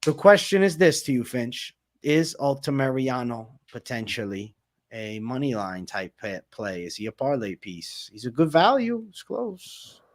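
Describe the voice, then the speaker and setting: A man's voice: medium pitch, expressive, measured pace, no room sound, studio quality. Casual slangy male fight-picks host. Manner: loose, joking, slangy. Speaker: MMA betting podcast host.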